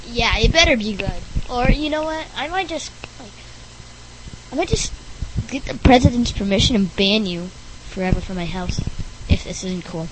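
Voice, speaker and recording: A woman's voice: on the high side, animated, noisy background. A woman hosting a playful homemade podcast, goofy and teasing. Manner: goofy, teasing, slow-talking. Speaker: podcast host.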